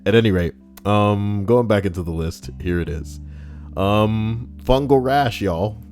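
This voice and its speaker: A man live-streaming, reading out stories and donations in casual, profane banter that jumps between mumbling and loud outbursts. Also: lowish voice, measured pace, faint music behind.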